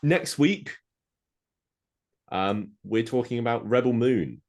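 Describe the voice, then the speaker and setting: A man co-hosting a podcast in a relaxed, chatty way, often dropping "like" between thoughts. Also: mid-range voice, slow. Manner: chatty, with many "like" fillers. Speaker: podcast co-host. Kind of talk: casual chat.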